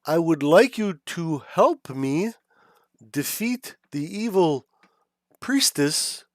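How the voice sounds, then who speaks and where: A man voicing a friendly fish-man elder with a blubbly, slow and drawn-out voice. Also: on the high side, lively intonation, no room sound, clean studio sound, pitched above the performer's own voice. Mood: pleading.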